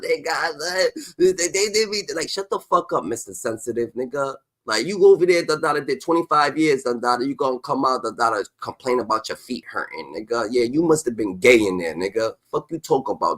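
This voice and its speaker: A man hosting a livestream, ranting in a heated, profane, streetwise way, swinging between loud outbursts and low mutters. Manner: profane, heated, with a repeated "da, da, da" filler. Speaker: livestream host. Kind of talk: unscripted streetwise rant.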